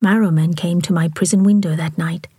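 A woman narrates a novel in a soft, steady whisper. Her voice is very breathy and slightly low. The recording is close and dry. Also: brisk, no echo. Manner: soft, even whispered reading. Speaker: author and audiobook reader.

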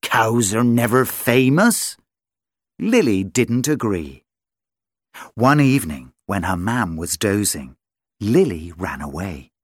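A storyteller reads a children's picture book aloud with a sing-song lilt and wide swoops of pitch. The delivery is slow and unhurried. The recording is dry and close. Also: breathy edge, no echo.

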